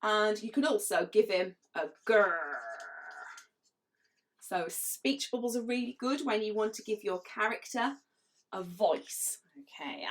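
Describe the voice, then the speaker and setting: A middle-aged woman, chatting playfully as she leads a drawing lesson for children. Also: mid-range voice. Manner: chatty, playful, laughs often. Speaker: illustrator teaching drawing.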